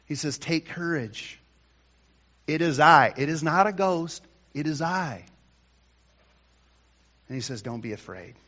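A male pastor delivering a morning sermon, slow and emphatic, rising to loud bursts and dropping to quiet lines. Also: on the high side, animated. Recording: dull sound with long hall reverb.

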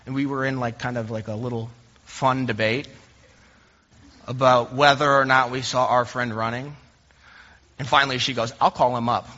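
A man's voice: mid-range voice, little pitch movement, moderate pace, long pauses, sharp tone. Storytelling male pastor in a big hall. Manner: conversational, self-deprecating storytelling. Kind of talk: sermon with humorous anecdotes. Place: church sanctuary. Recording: dull recording in a reverberant hall.

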